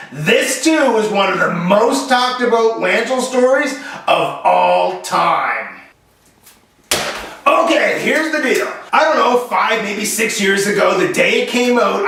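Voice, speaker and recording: A man tells a comic story on his own show with sarcastic, animated delivery. His voice is high. It is heard from a distance in a strongly reverberant room.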